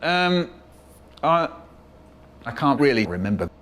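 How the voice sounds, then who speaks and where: A man telling a comedy story in an edited clip, in an animated, exaggerated way. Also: medium pitch, takes it slowly.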